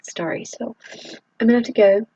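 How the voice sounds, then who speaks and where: A middle-aged woman from Southeast Texas talking in a halting, earnest confessional vlog, with many pauses and fillers. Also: a little high, dark tone, no echo, muffled recording. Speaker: vlogger.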